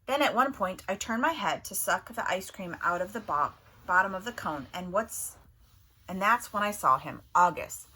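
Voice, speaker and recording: A woman teacher reading a novel aloud to her class with expressive storytelling, then asking questions about it. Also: mid-range voice, normal speed, husky.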